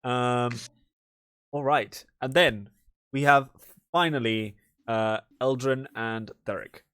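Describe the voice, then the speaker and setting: A man's voice: mid-range voice, takes it slowly, a bit bright, smooth. Casual male game master narrating. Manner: casual, with many fillers.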